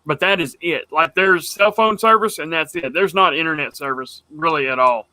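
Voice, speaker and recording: A man co-hosting a casual podcast chat, rambling and animated as he tells stories. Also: fairly high pitch, moderate pace, dry recording. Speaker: podcast co-host.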